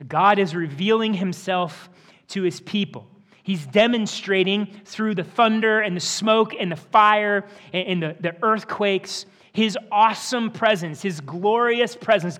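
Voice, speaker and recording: Male pastor, high voice, earnest sermon with stumbling restarts, long church reverb. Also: a little slow, a bit bright. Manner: earnest, with repeated word restarts. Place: church sanctuary.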